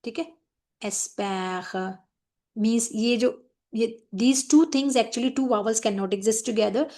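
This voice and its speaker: Here is an Indian woman in middle age teaching a French lesson, her voice a little high. She explains each phrase slowly and firmly warns her students off common mistakes. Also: mellow. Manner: switches between French, English and Hindi, explaining each phrase; firm, scolding reminders about mistakes. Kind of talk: classroom lesson explaining a letter.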